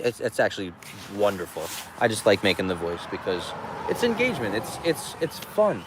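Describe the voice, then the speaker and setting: A man's voice: medium pitch, big pitch swings, a little fast. A man, a farmer selling goods at a roadside stand, chatting casually and joking on a livestream, rambling and often laughing. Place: outdoors beside a busy road. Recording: traffic noise outdoors.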